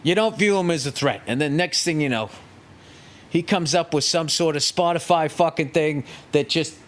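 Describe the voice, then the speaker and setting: A man's voice: a little high, a bit bright. A man hosting a podcast, delivering a profane, sarcastic comedic rant monologue. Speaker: podcast host.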